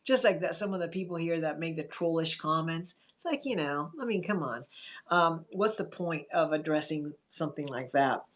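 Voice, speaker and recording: A woman therapist giving advice in a chatty live stream, greeting viewers by name and acting out calm sample replies. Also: low-pitched, normal speed.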